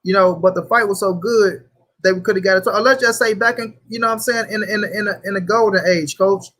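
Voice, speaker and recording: A man's voice: high voice, fairly even intonation, brisk, a bit bright. A young man hosting a casual livestream, talking loosely in slang and greeting viewers by name. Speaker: livestream host.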